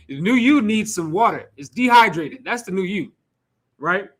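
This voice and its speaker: Guy w a high bright voice preaching real casual, lots of "right?" and rhetorical questions, some cussing. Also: lively intonation, measured pace. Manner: casual, conversational, rhetorical questions, occasional cursing; laughs and asides to the room. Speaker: teacher leading a scripture class. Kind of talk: informal sermon.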